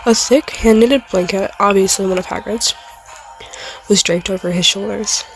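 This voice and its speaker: A woman's voice: medium pitch, steady tone, normal speed, soft background music, poor audio. Casual woman reading a story aloud. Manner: casual, stumbles and apologizes mid-read.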